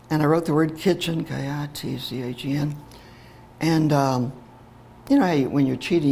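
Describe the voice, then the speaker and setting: An older woman, a teacher educator, telling a heartfelt personal story in an animated way, with fillers and laughter. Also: sits low, vocal fry, a little hiss or hum.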